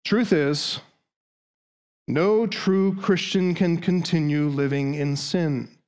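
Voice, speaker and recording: A man's voice: a little high, slow, darkish tone, clear, resonant tone. A man preaching a sermon, driving his point with long runs of rhetorical questions. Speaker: pastor.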